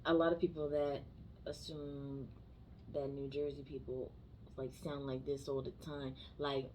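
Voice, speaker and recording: A woman's voice: rumbling low, flat delivery, measured pace, mellow, a little hiss or hum, rough recording. A woman co-hosting a radio show, protesting and laughing easily through casual banter. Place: radio studio.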